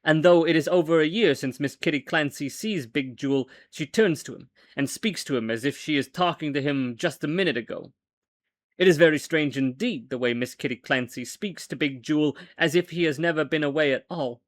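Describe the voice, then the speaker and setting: A man reads an old-fashioned story aloud in a wry, deadpan storytelling voice that sits slightly high. He stumbles and corrects himself now and then. The sound is close and dry. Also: brisk, dry recording. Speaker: host and reader. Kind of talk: dramatic story reading.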